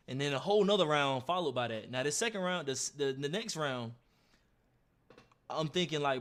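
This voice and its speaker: A young man tells a story in an animated way. He laughs often and acts out punches with sound effects. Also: mid-range voice, a little fast. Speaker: streamer.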